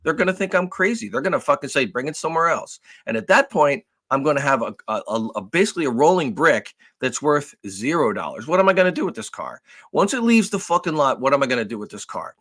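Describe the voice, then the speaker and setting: A man's voice: a little high, fast talker. A man co-hosting a podcast, telling a long story with lots of cursing and acting out both sides of phone calls. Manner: animated, profane storytelling, acts out phone calls. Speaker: podcast co-host. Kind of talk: casual storytelling chat.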